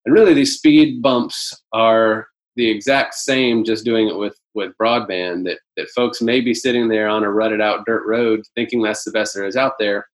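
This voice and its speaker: Halting male webinar presenter, low voice. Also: fairly even intonation, rough recording. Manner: halting, many fillers. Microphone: video call.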